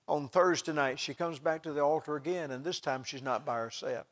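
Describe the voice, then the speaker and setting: A male pastor telling a story in a sermon, dropping soft then rising loud and emphatic. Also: fairly high pitch, a little fast, few pauses. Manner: swings from hushed to loud, emphatic. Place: church.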